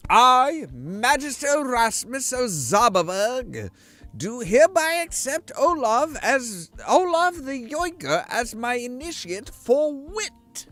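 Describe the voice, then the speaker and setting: A man's voice: very high-pitched, sing-song, takes it slowly, a bit bright, soft background music, pitched above the performer's own voice, heavily acted. A man voicing a jolly, scatterbrained old male archmage in a fan reading of a game, gleeful and pompous.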